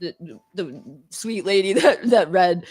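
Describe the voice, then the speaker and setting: A woman's voice: lowish voice, animated, slow, a little mellow, husky, dry recording. A middle-aged American woman, an attorney, chatting casually on a podcast, rambling with many fillers and frequent laughs. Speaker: attorney and author, podcast regular.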